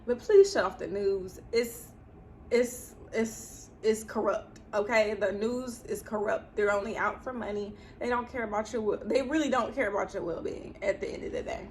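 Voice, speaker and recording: A woman's voice: on the high side, moderate pace, slight background noise. A young woman vlogging casually, giving earnest, preachy spiritual advice to her viewers.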